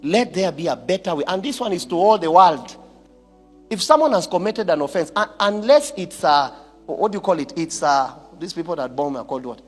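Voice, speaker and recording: A Kenyan man speaking in a high, lively voice that leaps up and drops low. He preaches his point through pointed rhetorical questions and breaks into Swahili phrases. His voice carries a long reverb, with faint music underneath. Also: brisk. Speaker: preacher and commentator. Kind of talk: impassioned spoken commentary.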